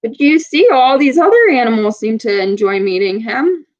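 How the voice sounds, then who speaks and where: A woman's voice: a little high, animated, moderate pace, a little mellow, dull audio. A woman reading a picture book aloud to children, patiently asking them questions as she teaches. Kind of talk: storybook read-aloud with teaching.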